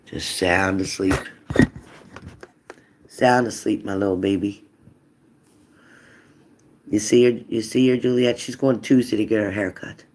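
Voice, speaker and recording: A man's voice: fairly low pitch, steady tone, a little slow, long pauses, darkish tone. A man hosting a tarot live stream in a casual, chatty way, reading out viewer comments and answering them earnestly.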